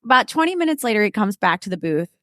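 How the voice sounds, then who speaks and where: A woman guest co-host telling a story in casual chat, animated and candid, often laughing. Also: medium pitch, fast talker, no room sound, studio quality.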